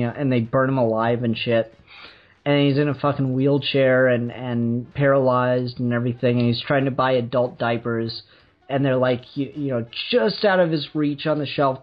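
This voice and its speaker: Rambling man in muffled casual chat. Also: medium pitch. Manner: rambling, hesitant with many ums, enthusiastic. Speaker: podcast co-host. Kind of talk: casual comic book discussion. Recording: dull lo-fi recording with faint music.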